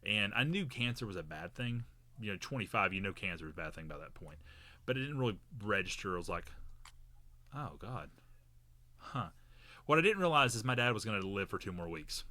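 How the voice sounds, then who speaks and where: A man's voice: fairly low pitch, expressive, quick pace, bright, forceful tone, no echo. A man co-hosting a podcast, telling a long story in a rambling, casual way with many fillers and restarts. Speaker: podcast co-host.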